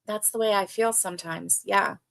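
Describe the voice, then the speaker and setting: A woman's voice: mid-range voice, fairly even intonation, moderate pace, gravelly. An older woman hosting a casual livestream chat, reading viewer comments aloud and talking with many fillers. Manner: chatty, warm, with many fillers. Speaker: livestream host.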